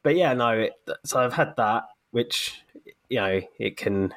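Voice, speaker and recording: A podcast co-host, a man still recovering from a cold, speaks in a mid-range voice that's expressive, unhurried and a bit bright. He chats casually and tells anecdotes, full of fillers and restarts.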